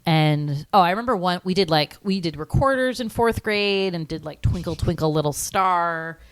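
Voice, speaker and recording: A woman's voice: fairly low pitch, expressive, moderate pace, smooth, no room sound. A woman in her thirties co-hosting a podcast, telling childhood stories in a rambling way, full of fillers and casual swearing. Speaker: podcast co-host. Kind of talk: casual chat, storytelling.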